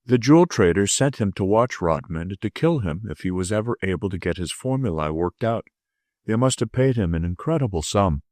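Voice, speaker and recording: Guy reading as a dry ironical english gent detective, oxford accent, slow drawl, lowish voice. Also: animated, a little mellow, dry recording, natural voice.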